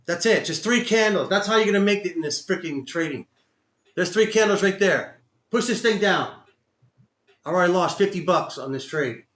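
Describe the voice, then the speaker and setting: A Texan-accented man talks through his trades live and curses himself over his mistakes, swinging from loud outbursts to low grumbling. His voice is fairly high and sharp-edged. The room around him gives it a noticeable echo. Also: expressive, normal speed. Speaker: day trader streaming live. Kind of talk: live trading commentary to himself. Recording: echoey room sound.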